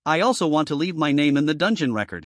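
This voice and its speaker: A woman's voice: deep voice, animated, quick pace, no echo, studio quality. A man voicing a spoiled young woman from a rich family in a storybook recap, speaking in a pouting manner. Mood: pouty.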